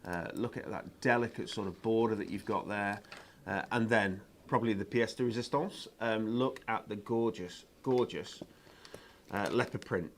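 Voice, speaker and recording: A man's voice: lowish voice, moderate pace, slight background noise. A man presenting craft products on a live shopping show, chatty and enthusiastic, with lots of ums and uhs.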